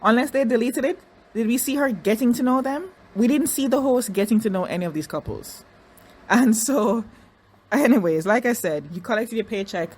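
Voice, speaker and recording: A woman casually reviewing a reality dating show, chatty and animated, restarting sentences and doing mocking impressions. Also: a little high, normal speed, breathy edge. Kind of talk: casual recap commentary.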